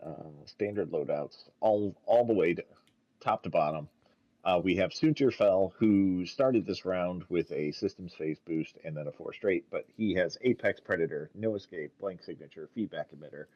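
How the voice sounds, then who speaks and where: A man co-commentating a tabletop game match in a laid-back, halting way with many pauses and uhs. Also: low voice, a little mellow, no echo, highs cut off. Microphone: voice call mic.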